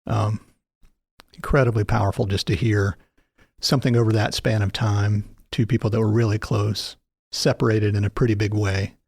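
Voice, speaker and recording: A podcast host with a low, gravelly voice reflects on a guest's story. He speaks in a thoughtful, measured way. The recording is close and dry. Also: flat delivery, a little mellow, no room sound. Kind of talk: reflective conversation.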